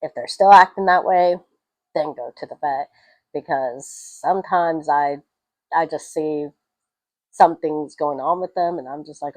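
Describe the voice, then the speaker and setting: A woman chatting through a film review, emotional and quick to laugh. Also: low-pitched, darkish tone, dry recording, rough recording. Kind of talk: casual spoken film review.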